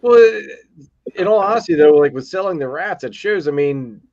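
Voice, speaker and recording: A man makes a measured point in a casual chat. His voice is fairly high and lively. The recording sounds dull and dry. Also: no echo.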